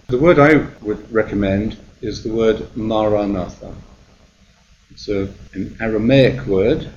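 A man who is a monk and meditation teacher gives a guided meditation talk, speaking calmly and gently with slow pauses. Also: lowish voice, highs cut off, a little hiss or hum.

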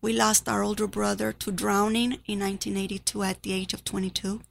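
A woman's voice: mid-range voice, flat delivery, fairly quick, vocal fry. A middle-aged woman giving an earnest, grieving personal testimony about her family.

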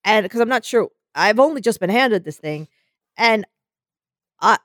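Woman, young adult, animated storytelling, mimics voices, dry recording. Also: mid-range voice, a little slow, no echo. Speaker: co-host. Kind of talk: casual storytelling chat.

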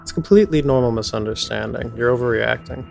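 A man's voice: medium pitch, fast talker, gravelly, faint music behind. A man playing a tabletop game, describing his character and speaking as her, rambling with many fillers. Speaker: player.

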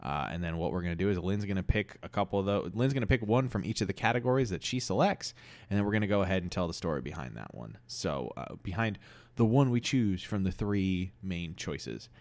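A young man with a low, lively voice co-hosts a casual improv podcast. He rambles playfully, restarts his sentences and lets them trail off into quiet asides. The sound is dry and close to the mic. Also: fairly quick, dry recording. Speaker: podcast co-host.

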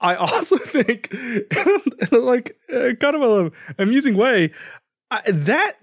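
A man's voice: very high-pitched, big pitch swings, slow pace, no echo, clean studio sound. A man co-hosting a podcast, musing thoughtfully and earnestly, with lots of "like" in his speech. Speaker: podcast co-host. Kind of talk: casual reflective chat.

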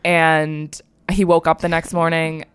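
A woman's voice: deep voice, flat delivery, unhurried, clear, resonant tone, no echo. A young woman casually chatting, telling a rambling confessional story full of fillers. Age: young adult. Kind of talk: casual chat.

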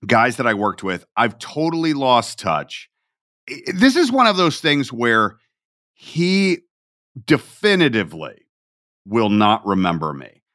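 A podcast host reminiscing in a relaxed, chatty tone. His pitch rises and falls a lot, and the voice sounds close and dry with no room echo. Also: a little slow. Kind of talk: casual interview chat.

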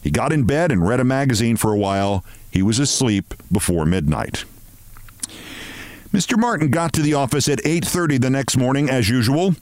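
A man hosting a show, reading a short story aloud in an expressive, measured way. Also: mid-range voice, no room sound.

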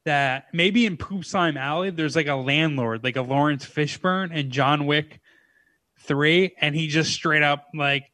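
A man's voice: a little high, measured pace, pushed and bright, no echo. A man co-hosting a casual chat, joking and riffing with made-up theories. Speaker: podcast co-host.

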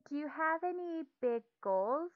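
A woman's voice: sits high, expressive, a little slow. A woman interviewing a guest, asking questions with brief, friendly, encouraging replies. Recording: dull, dry lo-fi recording.

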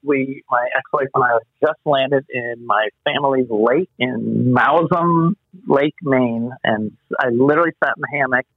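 An actor appears as an interview guest, unhurriedly sharing lively anecdotes and acting out the voices of people he quotes. His medium-pitched voice is slightly husky and very dry, with no echo or room sound. The audio is squeezed into a narrow band, muffled like a phone line.

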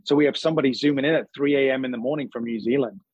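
Husky-voiced man explaining acting craft. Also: medium pitch, rapid-fire, darkish tone, no echo, highs cut off. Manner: earnest, explanatory, says "bro". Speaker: acting teacher and guest. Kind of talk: casual interview chat.

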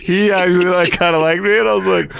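A man's voice: high-pitched, fairly even intonation, quick pace, gravelly, heavy background noise. A man hosting a podcast, telling rambling, profane stories in casual chat and laughing as he goes. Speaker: podcast host.

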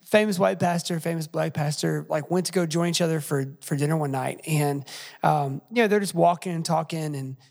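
Male podcast host, gravelly, reflective storyteller, reverberant room. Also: on the high side, a little fast, darkish tone. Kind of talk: conversational podcast interview.

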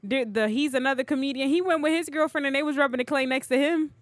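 A woman's voice: high-pitched, fast, no echo, clean studio sound. A woman co-hosting a comedic podcast, teasing the others with provoking questions in casual chat. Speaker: podcast co-host.

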